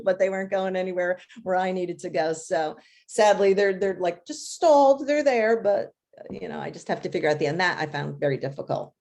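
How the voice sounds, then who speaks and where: Answering an interview in a chatty manner, a children's book writer sprinkles in fillers and light laughs. She speaks a little fast in a lowish, darkish voice.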